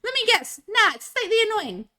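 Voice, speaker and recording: A woman putting on the voice of an excitable, bratty middle-school-age girl, loud and fast. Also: extremely high pitch, voice pushed up, full character voice. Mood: hyper. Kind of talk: live stream.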